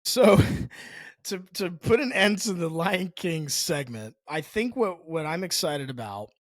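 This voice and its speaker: A man's voice: fairly high pitch, expressive, unhurried, dry recording. A man co-hosting a casual movie podcast, rambling with frequent restarts and chuckles mid-sentence. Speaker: podcast co-host.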